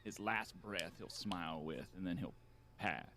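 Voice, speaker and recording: Deep-voiced brooding outlaw, played by a man. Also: a little slow, sharp tone, a little hiss or hum, exaggerated voice. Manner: musing, meandering, dry. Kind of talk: in-character roleplay.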